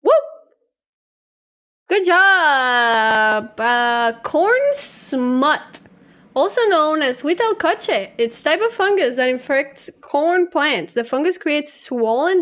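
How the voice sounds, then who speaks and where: High-voiced chatty woman streamer. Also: fairly bright tone. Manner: chatty, giggly, reads aloud to chat. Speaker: livestreamer. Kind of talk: casual gaming stream chat.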